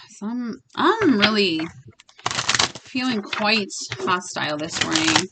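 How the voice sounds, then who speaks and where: A woman's voice: medium pitch, lively intonation, slow, very noisy. A young woman giving a casual spiritual card reading to her viewers. She talks bluntly and emphatically, swearing freely as she speaks straight to the listener. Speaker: tarot reader.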